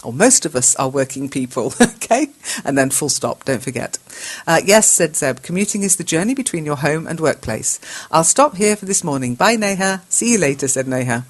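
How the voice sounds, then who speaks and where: A woman's voice: sits low, very animated, moderate pace. An English woman hosting an English lesson, reading out learners' chat messages, correcting them and spelling words out patiently. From England. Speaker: English teacher and show host.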